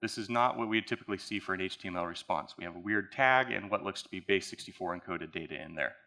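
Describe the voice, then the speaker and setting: A man's voice: low voice, fast, gravelly, sharp tone. A man speaking at a conference, walking the audience through a technical case study in a casual, conversational way. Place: conference hall.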